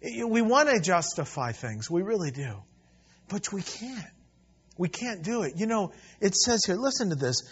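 A man preaching a sermon in an earnest way, repeating and restarting words, swelling loud and then dropping soft. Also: sits high, sing-song, moderate pace, slightly rough, muffled recording. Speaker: pastor.

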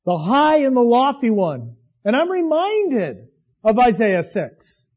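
A man preaching a sermon as pastor, swinging from hushed to loud. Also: very high voice, big pitch swings, takes it slowly, dull audio.

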